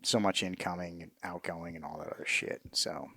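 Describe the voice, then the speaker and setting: A middle-aged man, a military veteran, telling war stories in a casual interview, cursing freely, animated and laughing as he goes. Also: low voice, fairly quick, creaky, no room sound, clean studio sound. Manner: profane, animated, laughs mid-story.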